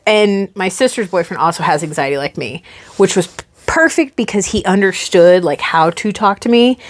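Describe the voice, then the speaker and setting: A woman in her thirties co-hosting a casual chat, telling a story with lots of swearing and acting out her own panic. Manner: animated, swears freely, acts out her own panic with big pitch jumps. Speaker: podcast co-host.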